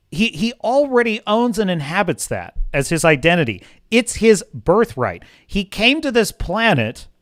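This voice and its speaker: A passionate, opinionated man hosts a livestream and riffs on films in a smooth, resonant voice that sits a little high. His close mic gives a dry, intimate sound. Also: fairly bright tone, no echo. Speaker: livestream host. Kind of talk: casual film commentary.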